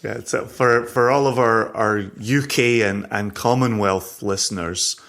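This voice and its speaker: A man's voice: fairly low pitch, fairly even intonation, measured pace, a bit bright. A middle-aged man with a Scottish accent, co-hosting a podcast in casual, joking chat. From Scotland. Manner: chatty, self-deprecating, laughs often. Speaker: podcast co-host.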